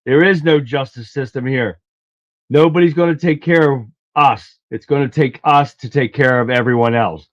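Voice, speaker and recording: A man hosting a political livestream, talking in a blunt, folksy way and clearing his throat often. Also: medium pitch, normal speed, dry recording. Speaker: livestream host. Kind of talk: casual political commentary. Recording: dull lo-fi dry sound.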